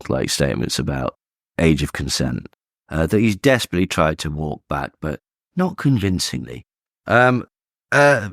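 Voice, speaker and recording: Animated, scornful man. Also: deep voice, no echo, studio quality. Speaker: podcast co-host. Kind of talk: casual chat.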